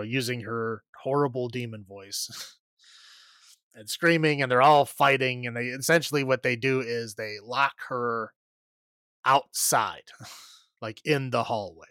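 A man's voice: medium pitch, measured pace, pushed and bright, no room sound, clean studio sound. A man co-hosting a podcast, recapping a horror movie in a rambling way with lots of fillers and laughs. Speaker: podcast co-host. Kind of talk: casual movie recap chat.

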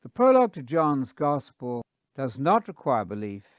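A man giving a measured, scholarly lecture on scripture, quoting his sources carefully. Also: medium pitch, sing-song, no echo. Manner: deliberate, quotes sources carefully. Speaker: Bible teacher.

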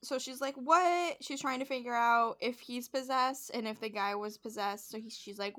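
A woman's voice: on the high side, normal speed, few pauses, bright, forceful tone. A woman in casual podcast chat, recapping a show with lots of fillers and acted-out quotes. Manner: chatty, heavy use of "like", acts out quotes. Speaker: podcast co-host.

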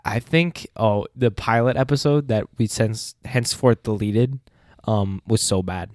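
A young man co-hosts a casual podcast, spinning stories with lots of laughter and a loose, swearing delivery. His voice sits a little low and sounds close and dry on the mic. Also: unhurried, dry recording. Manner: animated storyteller, laughs often, swears. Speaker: podcast co-host. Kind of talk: casual chat.

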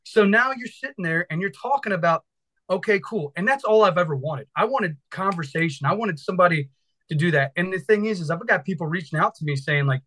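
High, bright-voiced talkative man. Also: a little fast, poor audio. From Virginia. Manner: energetic, rambling, swears casually. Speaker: guest, firefighter instructor. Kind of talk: casual podcast interview.

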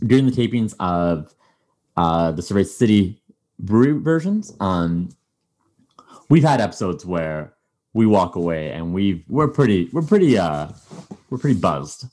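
A man's voice: deep voice, very animated, normal speed, darkish tone. A man hosting a podcast, chatting casually and rambling with many fillers and restarts. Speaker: podcast host. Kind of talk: casual chat.

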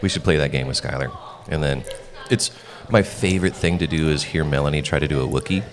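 Low-voiced man, casual podcast co-host. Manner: playful, quick to joke. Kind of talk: casual chat.

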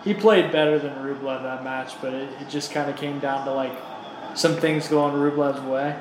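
A young man co-hosting a casual podcast chat, joking and animated, swearing freely. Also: mid-range voice, moderate pace. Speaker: podcast co-host. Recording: echoey room, faint background noise.

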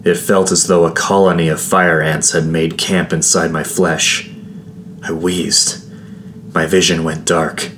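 A man narrating a first-person fantasy adventure in a steady, measured storytelling voice. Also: low-pitched, a little hiss or hum. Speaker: audiobook narrator.

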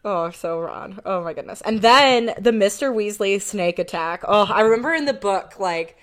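A woman's voice: mid-range voice, expressive, normal speed, a bit bright. A young woman co-hosting a podcast in casual chat, giggling often and quoting characters playfully. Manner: giggly, lots of fillers, quotes characters playfully. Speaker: podcast co-host.

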